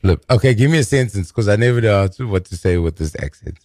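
A man's voice: lowish voice, animated, quick pace, a little mellow, no room sound, studio quality. A South African comedian chatting casually in a podcast interview. He laughs often and repeats words as he talks. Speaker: comedian guest.

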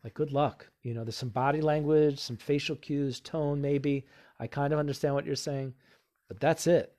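A man's voice: fairly high pitch, fairly even intonation, moderate pace, a little mellow. A man acting as a relationship coach gives casual self-help advice. He talks conversationally, with many fillers such as "you know.". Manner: acts out inner voices in quotes.

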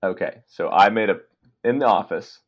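A man talking as a guest in a casual podcast chat, playful and teasing, sometimes breaking into loud cheers. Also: fairly low pitch, normal speed, highs cut off.

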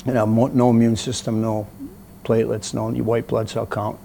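A middle-aged man, an interview guest, telling a story in a blunt, profane, animated way. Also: fairly low pitch, moderate pace, gravelly, a little hiss or hum. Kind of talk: casual storytelling.

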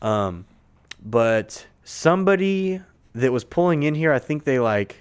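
A man with a smooth, resonant voice at an ordinary middle pitch tells a long, rambling story. His talk is loose and profane, packed with fillers. He is recorded in a conference room. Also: big pitch swings, measured pace. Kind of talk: casual storytelling chat.

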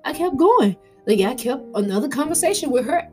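A young adult woman hosting a podcast, telling a rambling personal story in a casual, animated way with frequent laughter and restarts. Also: high-pitched, a little fast, few pauses, soft background music. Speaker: podcast host.

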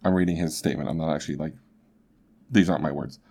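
A man's voice: a bass voice, fairly even intonation, quick pace, pauses often, dark tone. A young man hosting a podcast, telling a true crime story in a chatty, rambling way with lots of asides. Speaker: podcast host.

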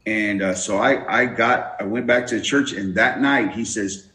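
A man's voice: on the low side, moderate pace, bright, forceful tone. A man giving his testimony as an interview guest, telling his story with many restarts and acting out the voices he quotes. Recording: roomy echo.

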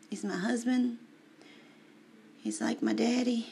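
A woman's voice: medium pitch, slow, vocal fry, pauses often, husky. A woman casually reading aloud at home and adding her own rambling, heartfelt, emotional commentary. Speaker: reader giving commentary.

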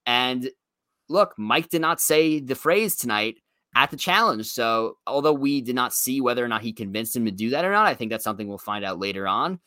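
A man's voice: mid-range voice, lively intonation, pushed and bright, no room sound, clean studio sound. A man co-hosting a casual recap podcast, rambling along and filling his sentences with "you know" and "um". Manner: rambling, fills every pause with "you know". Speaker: podcast co-host.

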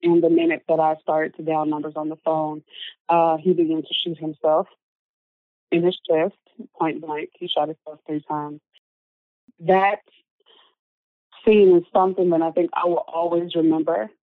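A woman's voice: low-pitched, flat delivery, normal speed, long pauses, no echo. A woman telling a personal story as an interview guest, earnest and full of filler words. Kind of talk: personal story told in conversation. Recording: narrow phone-like sound, dry.

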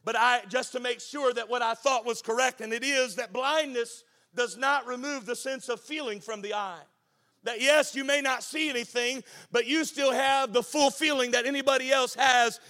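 High bright-voiced preacher, sing-song and shouting. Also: male voice, fairly even intonation, moderate pace. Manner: impassioned, rising to shouting and sing-song cadence. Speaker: pastor. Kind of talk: sermon.

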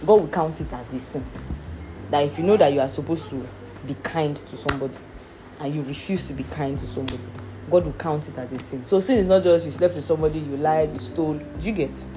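A woman's voice: low voice, fast talker, over music. Earnest woman preaching. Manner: earnest, repeats "do you understand". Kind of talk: teaching sermon.

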